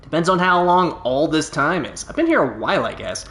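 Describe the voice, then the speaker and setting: A man's voice: fairly high pitch, expressive, a little fast, a bit bright. A man voicing a boastful, laid-back stranded alien pilot from a video game, telling his tale in a folksy, drawling way. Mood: easygoing boastful. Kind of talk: reading game dialogue aloud. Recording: roomy echo.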